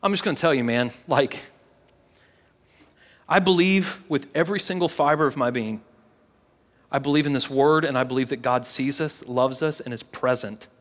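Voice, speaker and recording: A man preaching a casual, earnest sermon to a live church service, telling a personal story and then leading a hushed prayer with many repeated words. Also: medium pitch, normal speed, pauses often, big-room sound. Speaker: pastor.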